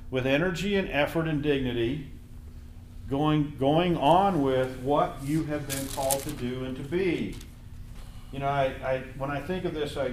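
A man teaching a Bible class in a casual, animated way, acting out the voices in his stories. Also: medium pitch, echoey room, slight background noise. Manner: animated storytelling, acts out voices in anecdotes.

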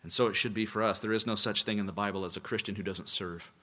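A man's voice: lowish voice, fairly even intonation, quick pace, sharp tone. Emphatic male preacher delivering a sermon. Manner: emphatic, repeats key lines for emphasis. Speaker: pastor.

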